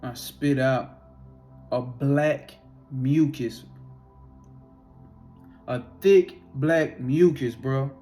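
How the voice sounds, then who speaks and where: A man telling a personal spiritual story in an animated, profane, casual way, acting out his own reactions. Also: mid-range voice, very slow, long pauses, faint music behind.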